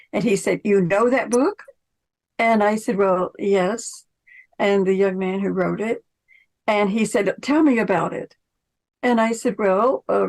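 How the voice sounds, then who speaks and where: Creaky-voiced woman telling a story. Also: mid-range voice, a little mellow, low-quality recording. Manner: acts out quoted dialogue in conversation. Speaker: storyteller recounting a spiritual experience. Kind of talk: anecdotal storytelling.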